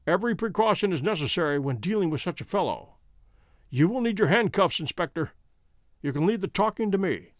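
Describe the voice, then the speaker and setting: A commanding detective, measured and stern, as a male storyteller voices him. The voice sits high and moves lively, recorded close and dry. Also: no echo. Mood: quiet.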